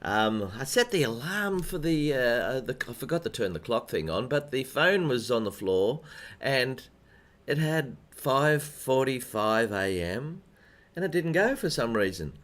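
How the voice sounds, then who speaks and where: A man's voice: medium pitch, sing-song, a little slow, a bit bright. A man hosting a casual live-stream piano lesson, chatty and rambling, greeting viewers by name and still sleepy from just waking up.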